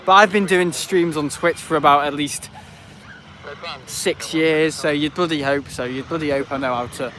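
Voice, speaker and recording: A man's voice: a little high, steady tone, moderate pace, bright, forceful tone. A man chatting loosely on a live stream from an airport viewing park, rambling, laughing and reading out his chat. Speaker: planespotting livestreamer. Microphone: handheld tablet.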